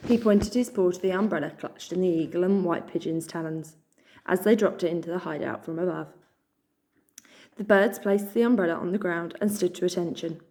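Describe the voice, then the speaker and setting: A woman reads a children's novel aloud, pacing her storytelling in a measured way. Her voice sits low and sounds mellow and warm. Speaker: reader.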